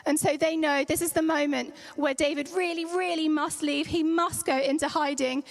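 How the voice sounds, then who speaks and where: Playful high-voiced woman storyteller. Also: steady tone, moderate pace, creaky. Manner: playful, slangy, dramatic asides. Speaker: children's church leader. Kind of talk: lively storytelling for children. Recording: church hall reverb.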